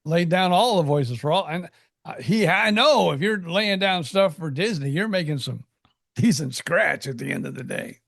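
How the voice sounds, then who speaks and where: A man with a fairly high, gravelly voice chats as a podcast co-host, his pitch swinging up and down as he talks. He is playful and animated, with some hesitations. The recording is dry and close. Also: normal speed, no echo. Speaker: podcast co-host and radio voice performer. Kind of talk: casual chat.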